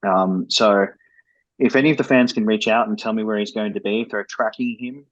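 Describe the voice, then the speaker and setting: A man's voice: on the low side, steady tone, a little fast, dry recording, lo-fi sound. A man who develops video games, speaking as a guest in a podcast interview and explaining things candidly and at length.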